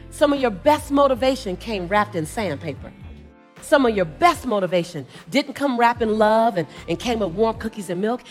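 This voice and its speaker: A middle-aged woman with a fairly high voice delivers a live motivational speech from a stage. She talks with a rhythmic, repeating cadence and keeps pulling a large audience into call-and-response. Soft music sits faintly behind her. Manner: emphatic, rhythmic, calls out for audience replies. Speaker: motivational speaker.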